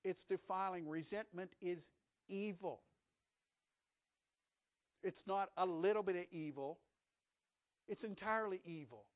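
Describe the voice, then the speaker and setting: A male pastor delivers a sermon in a fairly high voice. He presses hard on key words, then drops to a hush. The sound is thin and tinny, like a phone line. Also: measured pace, pauses often. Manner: emphatic, swings between raised and hushed delivery. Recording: tinny phone-like audio recording.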